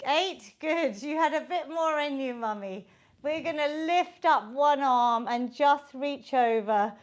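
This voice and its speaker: A woman's voice: high-pitched, unhurried, poor audio. A woman leading a guided home workout class as a fitness instructor, coaching upbeat and encouraging and counting the reps aloud. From United Kingdom.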